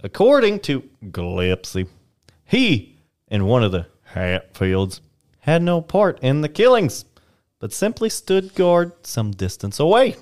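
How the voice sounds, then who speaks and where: Lively young man reading history aloud. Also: fairly high pitch, slow pace. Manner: reads aloud with playful put-on voices and asides. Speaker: podcast co-host reading history. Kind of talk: casual history podcast reading.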